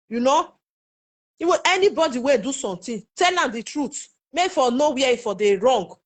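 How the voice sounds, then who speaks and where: A woman with a Nigerian Pidgin accent and a slightly high voice talks straight to her online viewers. She is chatty and exclamatory, and her commentary stays loose and unscripted. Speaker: social media commentator. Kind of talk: casual live commentary to viewers.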